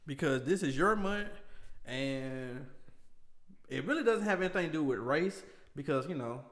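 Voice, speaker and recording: A man's voice: fairly high pitch, animated, moderate pace, a bit bright, roomy sound. A man co-hosting a casual podcast, joking and playful, throwing in catchphrases and sound effects. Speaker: podcast co-host.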